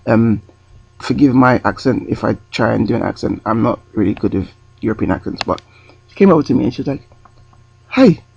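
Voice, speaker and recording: A man tells a story straight into his webcam, wandering off track and correcting himself. His voice is gravelly and a little husky. The sound is dry and dull. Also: mid-range voice, quick pace, a little mellow. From North London. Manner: rambling, self-correcting. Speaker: vlogger. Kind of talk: storytime vlog. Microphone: webcam close to the face.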